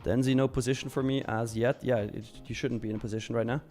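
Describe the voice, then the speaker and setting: A man's voice: medium pitch, fairly even intonation, fast, a little mellow, soft background music. A young man hosting a live stream, casually reading viewer messages aloud and answering them. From Switzerland. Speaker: live-stream trading host.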